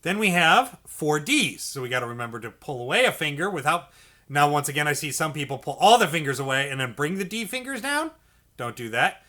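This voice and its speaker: A man's voice: on the high side, very animated, brisk, pushed and bright. A man teaching a beginner clarinet lesson, patient and encouraging, checking in with "okay" and "all right" and singing note syllables to demonstrate. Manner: sings syllables to demonstrate notes. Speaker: music teacher. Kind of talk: instructional video lesson.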